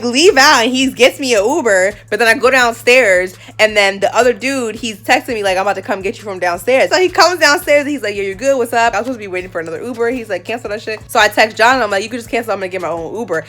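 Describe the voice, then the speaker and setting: A woman's voice: mid-range voice, fairly bright tone. A young adult woman telling a casual story, candid and profane, acting out the lines of the people in it. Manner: candid and profane, acts out quoted dialogue.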